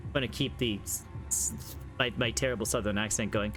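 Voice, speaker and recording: A man's voice: fairly low pitch, steady tone, fairly quick, a bit bright, soft background music. A man streaming a game live, joking and mocking his own voice acting.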